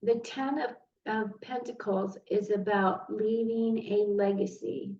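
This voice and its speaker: A woman's voice: mid-range voice, steady tone, slow, mellow. A woman giving a tarot reading straight to the viewer, earnest and easily moved, recorded from a distance in a roomy space. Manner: earnest, emotional, speaks directly to the viewer. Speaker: tarot reader. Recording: roomy, distant, dull sound with faint noise.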